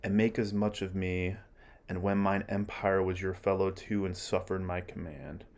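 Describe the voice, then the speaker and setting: A man reading aloud the lines of an aging Roman general in measured Shakespeare verse, during a lecture. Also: low-pitched, level tone, darkish tone. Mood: solemn. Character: male Roman general, aging, grandly mournful.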